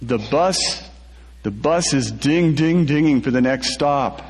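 A man's voice: medium pitch, measured pace, darkish tone, long reverb tail, a little hiss or hum. A man reading a first-person story aloud, laughing through the telling.

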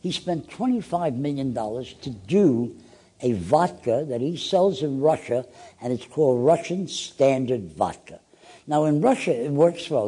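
A man's voice: medium pitch, a little slow, husky. A man being interviewed as a guest in a radio studio, telling stories with gusto and acting out the dialogue in different voices. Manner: acts out dialogue with lively voices. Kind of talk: animated anecdotal storytelling.

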